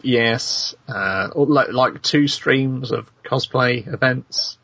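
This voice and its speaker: A man hosts a casual podcast with a dry, wry humour, hesitating often with ums and uhs. His voice is mid-pitched with a husky edge. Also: slow, a bit bright. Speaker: podcast host. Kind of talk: casual chat.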